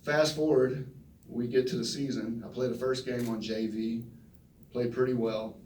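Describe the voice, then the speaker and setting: A man, telling folksy, animated stories at a press conference and acting out the quotes. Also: mid-range voice, moderate pace, a little hiss or hum. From Texas. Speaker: retiring football player at press conference. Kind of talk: storytelling speech. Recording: roomy echo from a distant mic.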